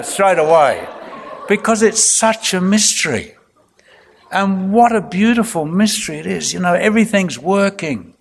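A man, a clergyman giving a reflective talk full of anecdotes and gentle humour. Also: on the high side.

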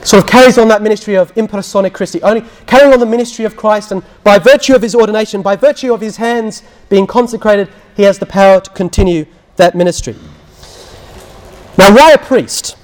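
High-voiced priest teaching. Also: male voice, brisk. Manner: storytelling, acts out quotes, drops to a hushed voice when recounting prayers. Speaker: Catholic priest. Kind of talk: teaching talk with anecdotes.

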